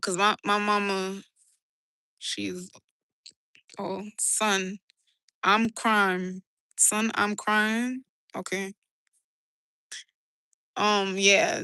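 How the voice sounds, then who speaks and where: A woman's voice: mid-range voice, bright, forceful tone, no echo. A young woman with a New York accent, chatting casually on a livestream, slangy and laughing often as she answers her chat. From New York City. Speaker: live streamer reading chat.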